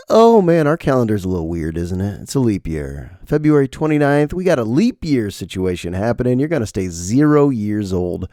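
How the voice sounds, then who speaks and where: A man hosting a podcast while sick, with his voice partly gone, doing a rambling comic monologue. His voice swings between high squeaks and low mutters. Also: sing-song, normal speed, few pauses, warm tone, no room sound, studio quality. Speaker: podcast host.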